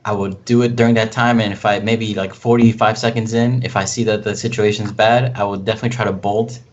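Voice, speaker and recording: A male tabletop player who talks in a casual, rambling way, full of ums and likes. His voice sits fairly low and comes through a muffled, lo-fi voice-chat line. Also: fairly even intonation, brisk. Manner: rambling, filler-heavy.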